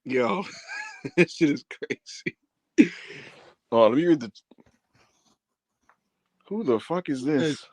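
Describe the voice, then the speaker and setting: A man's voice: medium pitch, lively intonation, slow pace, pauses often, no echo. A man co-hosting a wrestling review podcast in loose, slangy banter, laughing often. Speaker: podcast co-host. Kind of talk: casual wrestling review chat.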